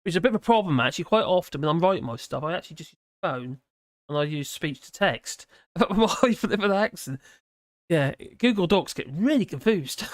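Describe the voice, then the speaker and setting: A man's voice: fairly high pitch, lively intonation, fairly quick, no room sound, clean studio sound. A tired man hosting a livestream, rambling casually through viewer chat and slurring his words a little. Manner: rambling, with frequent restarts and fillers.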